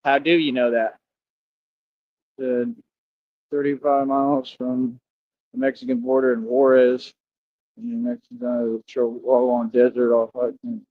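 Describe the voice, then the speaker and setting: A man's voice: medium pitch, flat delivery, a little slow, long pauses, no room sound, narrow, tinny audio. A man live-streaming, boastful and confrontational as he talks back to commenters in a casual rant.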